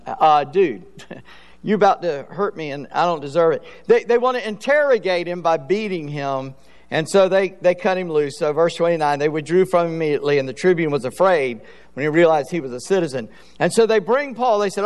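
Male preacher with a high voice, casual and slangy in delivery, recorded in a hall with a long echo. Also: normal speed. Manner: conversational preaching, acts out Bible scenes in slangy voices. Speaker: pastor. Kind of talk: sermon.

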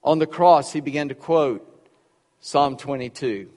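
A man's voice: on the high side, measured pace, darkish tone, in a large hall. A man preaching a sermon in a conversational, storytelling way with joking asides. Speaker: pastor.

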